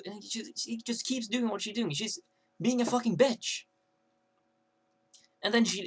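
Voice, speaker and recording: A young man rants on his vlog in a rambling, unpolished way. He restarts sentences often and fills pauses with "like." His voice sits a little high for a man. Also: slightly rough. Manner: rambling, many fillers and restarts. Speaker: vlogger. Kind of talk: ranting to camera.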